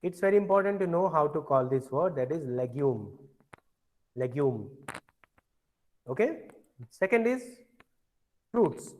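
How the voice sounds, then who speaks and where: A man's voice: high voice, animated, low-quality recording. A man teaching a French vocabulary lesson, patiently repeating each word. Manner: slow, patient, repeats words for drilling. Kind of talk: classroom language lesson.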